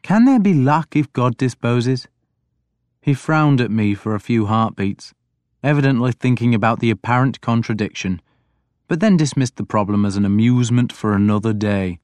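Male audiobook narrator, mid-pitched, even and reflective, dry and close. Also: normal speed, dry recording. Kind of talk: scripted first-person narration.

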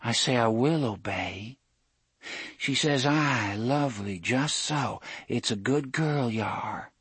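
A woman's voice: very deep voice, slow pace, husky, dry recording, pitched above the performer's own voice, exaggerated voice. A man doing a dreamy, entranced young woman. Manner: dreamy sing-song lilt.

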